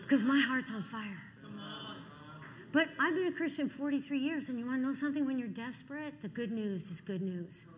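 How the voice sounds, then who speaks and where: A woman in her sixties giving a lively testimony sermon, acting out the people in her stories. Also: sits high, fairly quick, in a large hall. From Cleveland. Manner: animated storytelling, acting out dialogue. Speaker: Christian speaker.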